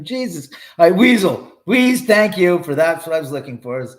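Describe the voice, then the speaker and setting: A man's voice: on the high side, big pitch swings, moderate pace, few pauses. A middle-aged man hosting a live stream from his home, chatting casually in a rambling, profane way.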